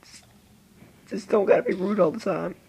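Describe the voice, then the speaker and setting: The voice is gravelly, husky and a little mellow, with fairly even intonation and normal speed. It's a teenage boy making gaming videos, his voice breaking with age, rambling goofily through casual commentary and popping into squeaky, silly voices.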